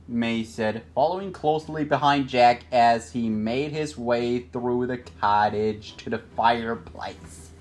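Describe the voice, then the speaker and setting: A man narrating a storybook chapter in an expressive, scripted reading. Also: mid-range voice, slow, few pauses, faint music behind. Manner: expressive, lively. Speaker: audiobook narrator.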